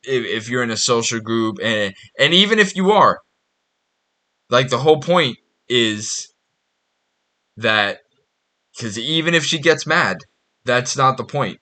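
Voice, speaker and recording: A man's voice: mid-range voice, animated, unhurried, long pauses, pushed and bright. A man hosting his own podcast, talking in a blunt, profane, rambling monologue with frequent restarts. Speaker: podcast host. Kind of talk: casual monologue.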